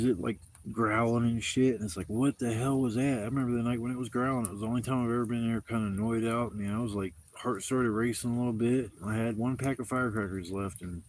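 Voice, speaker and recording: Livestreaming from his campsite outdoors, this man rambles through casual, profanity-filled stories. He speaks on the lower side, with a little hiss or hum audible.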